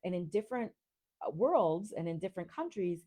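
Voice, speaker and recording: An American woman from Rhode Island, hosting a coaching podcast and teaching in a slow, deliberate, articulate way. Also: on the low side, big pitch swings, warm tone. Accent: neutral American, Rhode Island traces on a few words. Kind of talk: teaching monologue.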